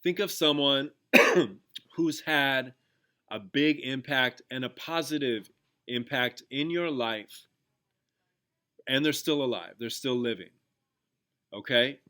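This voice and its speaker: Taking it slowly and pausing often, a man with a sharp mid-range voice hosts a podcast and also teaches. His relaxed, conversational talk is full of fillers and restarts as he guides a gratitude exercise and retells something from his classroom.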